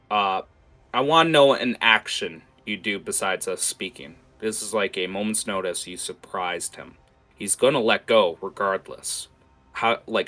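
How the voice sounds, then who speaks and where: A man's voice: low voice, pushed and bright. A young man narrating as game master of a tabletop game, rambling with fillers and casual swearing.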